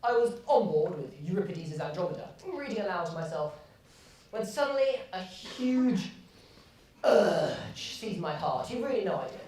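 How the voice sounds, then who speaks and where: A young woman acting the god Dionysus on stage, a vain, boastful male god who complains loudly. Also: medium pitch, animated, moderate pace, a little hiss or hum, close to an everyday voice. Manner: indignant, theatrical. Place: theatre stage. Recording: echoey hall, far from the mic.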